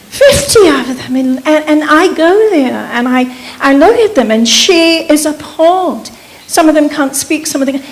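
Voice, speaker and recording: An older woman in her seventies gives an earnest, rambling personal account from the floor of a community meeting. Her voice sits high. She is picked up from some distance in the hall, so the sound sits back in the room. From Bermuda. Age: 70s. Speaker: audience member speaking at a meeting. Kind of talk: emotional personal testimony.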